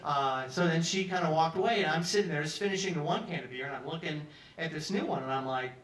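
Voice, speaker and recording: In a roomy, distant live recording from a pub, a man at the open mic talks quickly in a fairly high, slightly bright voice. He meanders conversationally through a long comic story for the crowd, performing the quotes of the people in it.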